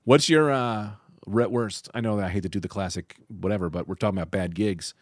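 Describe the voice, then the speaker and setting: A comedian hosting his podcast, talking fast and animatedly and swearing freely. He drops into put-on voices as he tells his stories. The sound is close and dry, with no room to it. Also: on the low side, dry recording. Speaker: podcast host; stand-up comedian. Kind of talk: casual chat.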